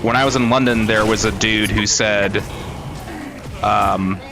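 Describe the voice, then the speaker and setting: A man's voice: lowish voice, fairly even intonation, unhurried, music in the background. A man from Florida streaming a game and chatting casually, rambling and self-mocking, often trailing off mid-sentence. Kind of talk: casual chat while gaming.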